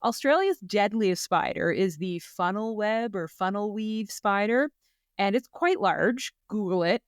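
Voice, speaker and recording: A Canadian woman co-hosting a casual podcast, animated and jokey, rambling through stories with plenty of fillers. Her voice is smooth and clean, recorded close and dry with no room sound. Her pitch sits in an ordinary middle range. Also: measured pace, dry recording. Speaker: podcast co-host. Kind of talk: casual chat.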